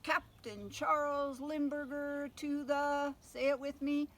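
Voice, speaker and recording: An older woman reading a picture book aloud to children, gentle and pausing to ask them questions. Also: sits high, fairly even intonation. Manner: gentle, asks listeners questions. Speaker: storyteller.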